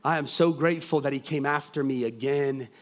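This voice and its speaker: A man preaching a sermon, retelling a story with lively acted-out voices and dropping to quiet, earnest intensity. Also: mid-range voice, a little fast. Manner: animated storytelling, acting out voices of characters; drops to soft, quiet intensity.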